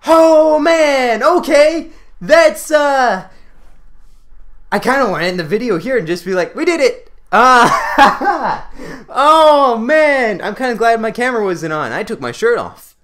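A young man, giving excitable pack-opening commentary over a hockey video game. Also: very high voice, takes it slowly. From Canada. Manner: excitable, yelps and laughs at pulls. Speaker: gaming video creator.

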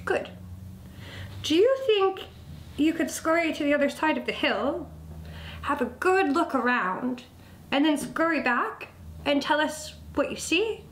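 A woman's voice: high-pitched, expressive, unhurried, pauses often, pitched above the performer's own voice. A woman voicing a pair of gloomy talking rocks, wistful and sing-song. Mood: polite. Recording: echoey room, faint background noise.

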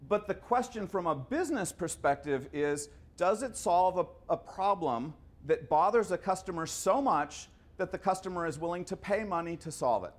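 A man's voice: sits high, animated, normal speed, few pauses. A man in his fifties giving a conversational lecture full of anecdotes, often stumbling and repeating his words. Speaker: guest lecturer. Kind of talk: storytelling lecture.

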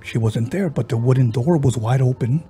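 Mellow-voiced man telling a ghost story. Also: medium pitch, faint music behind. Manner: retells a story, slipping into quoted voices; halting, with frequent restarts and fillers. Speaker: podcast host. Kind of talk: casual paranormal storytelling.

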